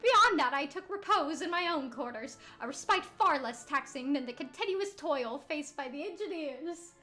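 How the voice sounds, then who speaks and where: A woman's voice: sits high, expressive, moderate pace, pushed and bright, faint music behind, pitched above the performer's own voice. Woman reading as a stiffly formal ship's benefactor. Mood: composed. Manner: ornate, stilted formal diction.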